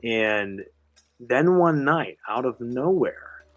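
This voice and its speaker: A man's voice: medium pitch, expressive, takes it slowly, no room sound, lo-fi sound, soft background music. A man hosting a live show, telling a story in a casual, rambling, conversational way with casual swearing. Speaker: host.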